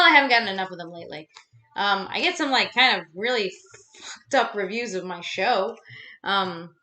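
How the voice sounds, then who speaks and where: A young woman vlogging at home, ranting casually with plenty of swearing and fillers. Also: fairly high pitch. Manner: rambling, swears freely, animated ranting with fillers. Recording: roomy echo.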